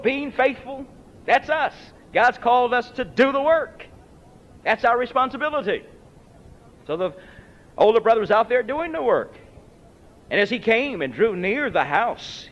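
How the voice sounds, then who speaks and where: A man's voice: big pitch swings, moderate pace. A man preaching a sermon in an emphatic, dramatic way, his voice rising and falling sharply. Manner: emphatic, dramatic swings in pitch and loudness. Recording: lo-fi recording with long hall reverb.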